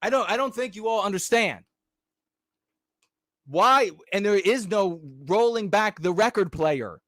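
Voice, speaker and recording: A man with a high-pitched voice ranting on a livestream, confrontational and profane, who often climbs into shouting. He is recorded close and dry, with no room echo. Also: lively intonation, a little slow. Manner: combative and profane, rising to shouts. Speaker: livestream host. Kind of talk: livestream rant.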